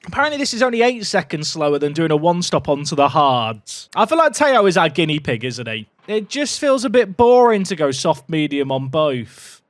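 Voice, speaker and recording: A young man giving excitable, jokey commentary while playing a racing game, talking to his chat and shouting at his drivers. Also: on the high side, a little fast, dry recording, studio quality. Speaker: gaming video creator. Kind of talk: casual gameplay commentary.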